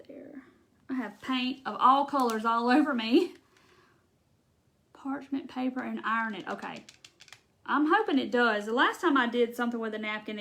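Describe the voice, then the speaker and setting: A woman with a Southern accent chats through a live crafting session. Her voice sits a little high, and her talk is folksy and loose, full of asides and small laughs. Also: a bit bright. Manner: chatty, folksy, laughs often, thinks aloud. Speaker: craft livestream host. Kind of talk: casual chat while crafting.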